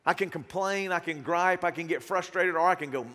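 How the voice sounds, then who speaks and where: Male pastor, higher voice, preaching with big swings in volume in a long echoing sanctuary. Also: a little fast. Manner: animated, earnest preaching with sudden loud bursts. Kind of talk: sermon.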